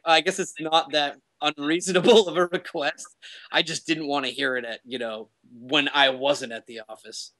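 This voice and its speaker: A man's voice: on the high side, a bit bright. A young man chatting casually as a meetup guest, rambling with loose fillers. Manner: rambling, loose, lots of fillers and self-corrections. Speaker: remote guest speaker at a meetup. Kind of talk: casual chat.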